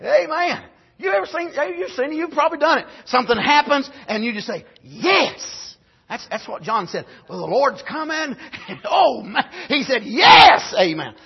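A man preaching a sermon, swinging from shouted exclamations to low, quiet asides. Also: animated, normal speed, creaky, dull audio.

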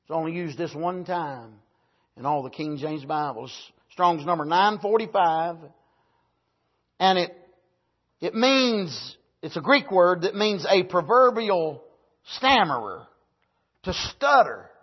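A high-pitched male preacher with a husky, slightly breathy voice, delivering a sermon in swelling emphatic bursts and frequent amens. The recording is dull and lo-fi. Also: lively intonation, takes it slowly, long pauses. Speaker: pastor.

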